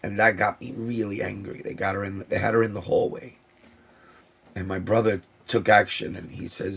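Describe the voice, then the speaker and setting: A man's voice: on the low side, level tone, normal speed, gravelly, a bit bright, slightly rough. A man, a sneaker vlogger talking to camera in an emotional, heartfelt way that circles back and repeats itself. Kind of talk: casual talk to camera.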